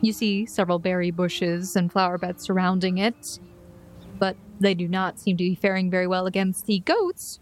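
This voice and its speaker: A woman narrating scenes as game master in a tabletop game, steady and descriptive. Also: mid-range voice.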